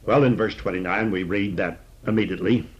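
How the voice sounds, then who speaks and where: A man teaching a sermon on scripture in a measured, conversational way with frequent fillers. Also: low voice, husky. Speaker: Bible teacher. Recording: dull lo-fi recording.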